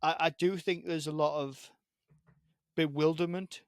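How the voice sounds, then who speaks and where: A man's voice: on the high side, steady tone, a little slow, dry recording, studio quality. A man with a strong British accent, chatting playfully as a podcast guest over a video call. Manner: teasing, chatty, with stumbling restarts. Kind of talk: casual chat.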